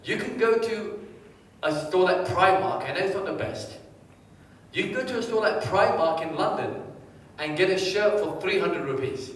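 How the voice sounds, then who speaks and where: A man giving a live seminar, quizzing the audience and telling anecdotes in a lively way. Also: high voice, normal speed. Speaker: motivational speaker. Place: large hall with a live audience. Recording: echoey hall, distant mic.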